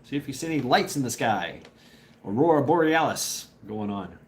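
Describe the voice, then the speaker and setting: A man's voice: mid-range voice, animated, moderate pace, slight background noise. A man telling a rambling, profane story in casual chat with his viewers, often laughing. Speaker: livestreamer chatting with viewers.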